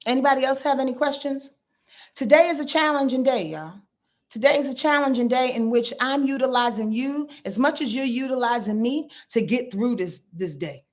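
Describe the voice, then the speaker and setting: A middle-aged woman talking casually to her livestream viewers as their astrologer. Her voice sits a little high for a woman. She is blunt and animated, swearing freely and telling stories in a loose, chatty flow. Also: moderate pace. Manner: blunt, animated storytelling with profanity and laughs. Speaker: astrologer and tarot reader.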